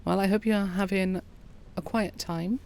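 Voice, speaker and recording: Calm woman streaming a game, soft and easygoing, a touch of vocal fry. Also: medium pitch, moderate pace, a little hiss or hum. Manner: quiet, relaxed, chats with viewers. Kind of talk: calm gameplay commentary.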